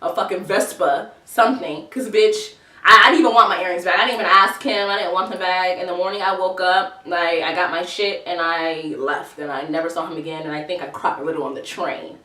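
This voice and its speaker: A woman vlogger tells a dating story in a loose, profane, animated way, laughing often. Her voice is bright and sharp. It sounds roomy and set a little back from the microphone. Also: lowish voice, a little fast, far from the mic. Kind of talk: casual storytime. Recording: roomy echo, voice a bit off-mic.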